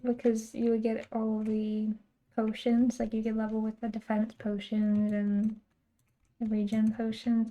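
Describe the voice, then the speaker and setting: A woman's voice: on the high side, dark tone. A young woman from the United States chatting casually while she plays a game on stream, rambling through asides and laughing often. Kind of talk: casual chat while gaming.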